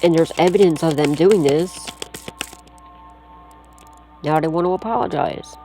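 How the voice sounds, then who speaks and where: A woman with a dark, mellow voice talks her way through a tarot reading in a loose, off-the-cuff style. She is blunt and full of slang, swears freely, and keeps reassuring the listener directly. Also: sits low, unhurried, vocal fry, faint music behind. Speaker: psychic tarot reader. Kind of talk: casual spoken tarot reading.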